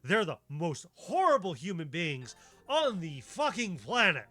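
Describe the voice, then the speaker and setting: A man's voice: sits high, huge pitch swings, a little slow, pushed and bright, faint music behind. A man streaming a casual chat, rambling from tangent to tangent and swearing freely. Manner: rambling, tangent-jumping, profane. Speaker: streamer, host.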